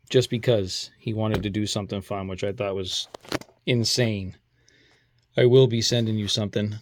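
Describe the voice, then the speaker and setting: A man's voice: lowish voice, darkish tone. A man with a Boston accent, casually talking through a coin review, chatty and rambling with apologetic asides. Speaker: coin collector vlogger.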